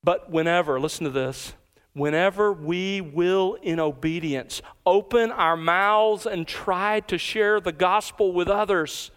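A pastor preaching an emphatic expository sermon, slowing down to stress key words. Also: male voice, sits high, fairly bright tone, clear, resonant tone.

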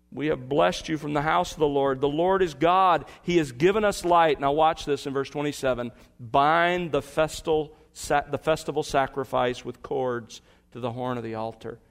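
A man preaching a sermon, his voice sitting a little high. He swings between emphatic, impassioned peaks and soft, earnest appeals to the congregation. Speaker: pastor.

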